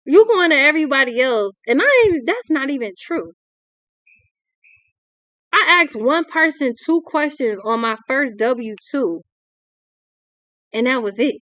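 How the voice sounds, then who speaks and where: A woman's voice: sits high, expressive, unhurried, long pauses, a bit bright, no echo. Exasperated profane woman, dry close sound. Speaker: tarot reader. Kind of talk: ranting tarot reading.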